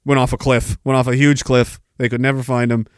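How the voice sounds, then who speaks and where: A man's voice: mid-range voice, little pitch movement, fairly quick, smooth, no echo, clean studio sound. A man hosting a podcast, ranting sarcastically and with a lot of profanity while reading out messages. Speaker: podcast host.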